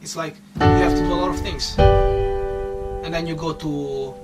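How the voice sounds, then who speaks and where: A man with a somewhat high voice teaches a keyboard lesson, walking through each step in slightly non-native English and checking in with "okay?" along the way. He sits a little away from the mic, and loud piano playing runs under his speech. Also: fairly even intonation, a little slow, distant mic. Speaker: music teacher.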